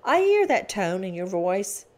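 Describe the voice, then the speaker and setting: A woman podcast host and former prosecutor who argues forcefully, pressing with rapid questions in a heated debate. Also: medium pitch, sing-song.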